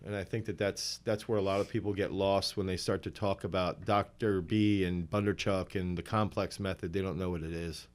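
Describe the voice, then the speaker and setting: A man who coaches throwers, talking in a rambling, animated way in a relaxed podcast interview. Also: sits low, a little fast, few pauses.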